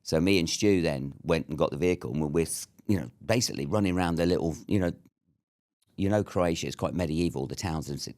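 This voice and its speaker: A man's voice: sits low, fast talker, darkish tone. A British man in his fifties telling a war story as an interview guest, blunt and swearing freely. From Britain.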